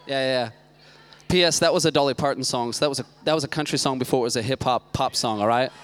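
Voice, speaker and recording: A man's voice: medium pitch, racing, music in the background. A man in his thirties giving a casual, chatty sermon with lots of joking asides, speaking as a church youth pastor. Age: 30s.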